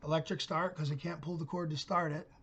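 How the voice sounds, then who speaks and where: Husky middle-aged dude, gruff and foul-mouthed, rambling rant monologue on his channel. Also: a little high, steady tone, a little fast, fairly bright tone, dull audio. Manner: blunt, gruff, cursing storyteller. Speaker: channel host.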